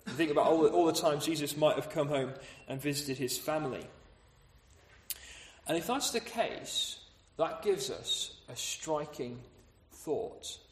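A man's voice: mid-range voice, reverberant. A man preaching a sermon, explaining scripture with rhetorical questions and acting out the voices of townspeople.

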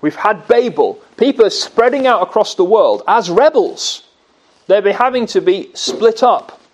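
A man's voice: high-pitched, animated, unhurried. A man preaching a sermon. He teaches from scripture and asks the congregation questions as he goes.

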